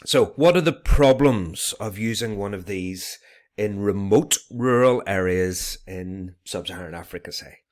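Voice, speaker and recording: A man's voice: fairly low pitch, a little slow. Chatty man teaching. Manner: chatty and jokey, building to bursts of excitement. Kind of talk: recorded video lesson.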